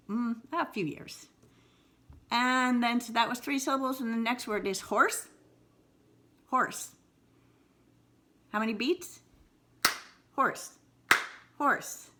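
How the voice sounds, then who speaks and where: Bright-voiced woman teaching syllables. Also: mid-range voice. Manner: slow, exaggerated word repetition, encouraging. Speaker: writing teacher. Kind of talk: video lesson on syllables.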